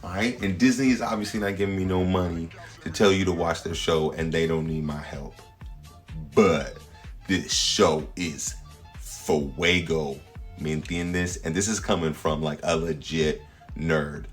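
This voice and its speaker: A standup comedian with a low voice hosts his own show, rambling through a slangy, playful comedic monologue punctuated by sudden loud jumps.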